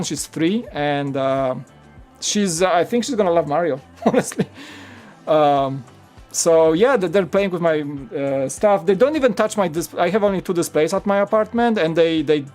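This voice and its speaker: A man's voice: on the high side, lively intonation, moderate pace, a little mellow, soft background music. A man in his thirties hosting a live stream, chatting casually and laughing often.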